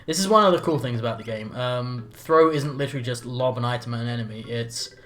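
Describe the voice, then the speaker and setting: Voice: mid-range voice, quick pace. A co-host of a let's play, chatting casually, teasing the host, laughing often and swearing casually. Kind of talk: casual gameplay chat.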